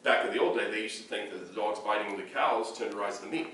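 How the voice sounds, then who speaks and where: A man's voice: on the low side, steady tone, fast talker, fairly bright tone. A man giving a hands-on dog training lesson indoors, explaining in loose spoken bursts with demonstrations mixed in. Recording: echoey room, picked up from a distance, faint background noise.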